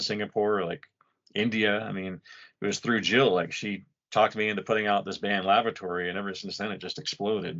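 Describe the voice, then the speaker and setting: A man's voice: fairly low pitch, a bit bright, lo-fi sound. A man co-hosting a podcast, grieving a friend, telling rambling, profane stories in casual chat. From Utah. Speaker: podcast co-host.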